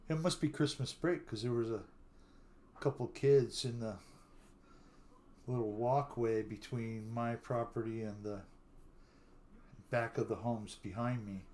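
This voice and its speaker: Unhurried older man chatting on a stream. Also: mid-range voice, a little mellow, slight background noise. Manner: chatty storyteller who greets viewers by name; drawling, unhurried talk. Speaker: live stream host. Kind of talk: casual live stream chat.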